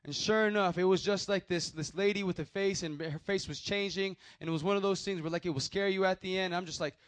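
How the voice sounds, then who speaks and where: A man who is a pastor, telling a personal testimony as a sermon in an animated storytelling way and calling out to his listeners. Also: high voice, fast, dry recording. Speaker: youth pastor.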